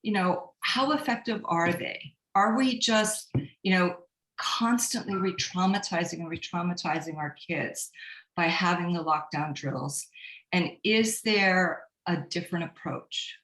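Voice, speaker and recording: A woman council member speaks at a public meeting over a call. Her voice sits a little low and comes through an echoey room. She talks in an emotional, halting way and often restarts her sentences. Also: fairly bright tone.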